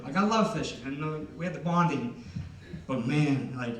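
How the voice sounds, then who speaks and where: A man's voice: medium pitch, moderate pace, a little hiss or hum. A man in his twenties doing stand-up comedy, rambling and chatty with lots of "like". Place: concert hall. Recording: roomy hall from a distance.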